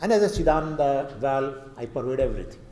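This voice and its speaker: A man teaching scripture and explaining it in an earnest, emphatic way, pausing on fillers. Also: mid-range voice, lively intonation, warm tone. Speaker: Vedanta teacher. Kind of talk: scripture lecture. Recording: roomy hall reverb.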